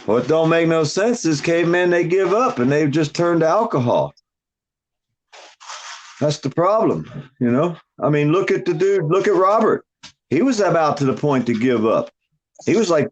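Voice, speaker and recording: A man's voice: mid-range voice, expressive, moderate pace, a little mellow. Ranting, foul-mouthed man on dull audio. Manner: crude, blunt and ranting, heavy swearing. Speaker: livestream host. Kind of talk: profane casual livestream chat.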